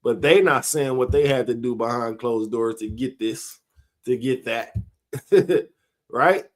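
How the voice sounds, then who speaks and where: A man, giving a casual sermon-style monologue, slow and conversational, laughing between his points. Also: mid-range voice. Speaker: street preacher.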